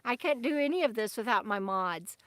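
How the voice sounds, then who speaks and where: A woman's voice: fairly high pitch, animated, fairly quick, dry recording, clean studio sound. A woman hosting a casual live stream from her RV, chatting and laughing as she reads out viewer comments. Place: RV camp in the desert.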